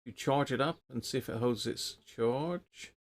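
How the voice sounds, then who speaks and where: A man's voice: medium pitch, unhurried. A man hosting a live repair stream, thinking aloud in a rambling, casual way and chatting with viewers. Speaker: radio repair livestream host.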